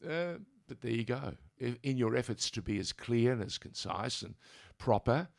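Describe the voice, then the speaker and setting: An older Australian man from Sydney, a radio interview guest in a studio, telling animated stories and mimicking voices as he goes. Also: mid-range voice, normal speed, creaky, no echo. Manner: animated storyteller who mimics voices in anecdotes.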